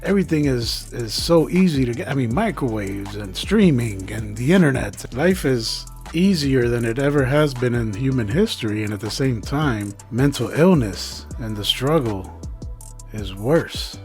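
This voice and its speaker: A man's voice: medium pitch, lively intonation, normal speed, darkish tone, soft background music. A young man in a casual comedic vlog, talking outdoors on a trail with joking, rambling, slangy asides. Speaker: backpacking vlogger.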